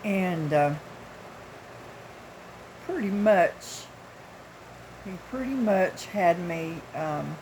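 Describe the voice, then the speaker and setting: A woman's voice: on the low side, expressive, extremely slow, pauses often, a little mellow, slight background noise, rough recording. A woman in her sixties from the United States, telling a story in a casual, blunt, folksy way with occasional chuckles. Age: 60s. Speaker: vlogger.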